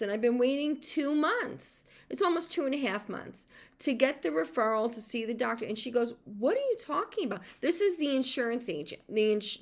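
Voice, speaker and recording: A middle-aged woman caregiver telling a personal story in an emotional monologue, venting with heated outbursts and frequent swearing. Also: on the high side. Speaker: podcast host and caregiver.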